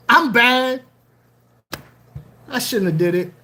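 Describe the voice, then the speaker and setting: Livestream host, casual chat, bright tone, animated, playful, repeats lines. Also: medium pitch, measured pace, long pauses. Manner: animated, joking, repeats phrases. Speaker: aquarium channel host.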